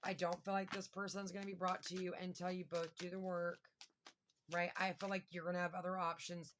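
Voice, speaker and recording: A woman's voice: fairly low pitch, level tone, brisk, fairly bright tone, slight background noise. Chatty woman doing a tarot reading. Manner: chatty, intuitive, thinks aloud with many fillers. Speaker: tarot reader. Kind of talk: casual tarot reading to viewers.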